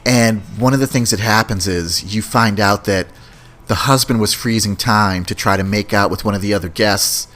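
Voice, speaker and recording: A man's voice: lowish voice, normal speed, fairly bright tone. A man hosting a podcast, chatting casually about movies in a rambling way and often repeating words. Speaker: podcast host. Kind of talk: casual movie review chat.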